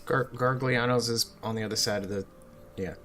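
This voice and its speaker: A man's voice: mid-range voice, steady tone, a little fast, fairly bright tone, a little hiss or hum. A man co-hosting a let's play who gives casual gameplay commentary with dry, blunt remarks and advice.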